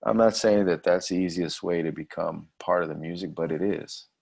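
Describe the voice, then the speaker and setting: A man's voice: sits low, moderate pace, creaky, a little mellow. A man hosting a livestream conversation, asking questions and pressing them by repeating himself. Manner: probing, repeats his questions. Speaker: livestream host. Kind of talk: casual conversation.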